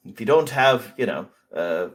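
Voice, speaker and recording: A man's voice: medium pitch, normal speed. A man playing a tabletop role-playing game, brash and playful as he speaks in character. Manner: lively, brash in-character outbursts. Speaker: player voicing Oswald. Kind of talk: tabletop role-play banter.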